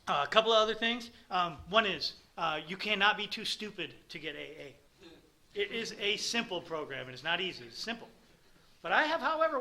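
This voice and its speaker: A middle-aged man speaks at a recovery meeting, sharing his story in a candid, rambling way. His voice is very bright and edgy, sitting slightly high for a man. He talks bluntly and plainly to his peers. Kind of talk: personal testimony talk.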